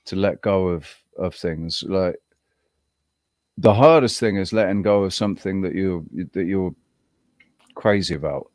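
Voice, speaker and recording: Low-voiced man rambling in casual chat. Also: darkish tone, dry recording, studio quality. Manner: rambling, halting, frequent restarts. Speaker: podcast co-host.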